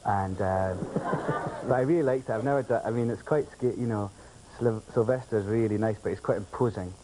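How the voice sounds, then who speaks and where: A man's voice: lowish voice, normal speed, mellow, a little hiss or hum, rough recording. A man guesting on a talk show, telling cheeky anecdotes with lots of giggling. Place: television studio.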